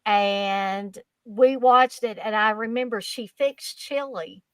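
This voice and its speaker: A woman's voice: mid-range voice, smooth, dry recording. Easygoing woman on a dry mic. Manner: easygoing, unhurried storyteller. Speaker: guest. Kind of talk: casual podcast storytelling.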